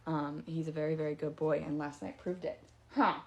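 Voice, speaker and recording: A woman telling her own spooky story in a casual, chatty way, with fillers and hushed drops for suspense. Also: deep voice, steady tone, a little fast, husky. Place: parents' backyard by a campfire.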